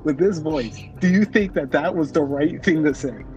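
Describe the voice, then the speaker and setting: A man hosting a casual podcast chat, animated, laughing often and using lots of "like" fillers. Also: fairly high pitch, moderate pace. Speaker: podcast host. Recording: dull lo-fi podcast audio with music.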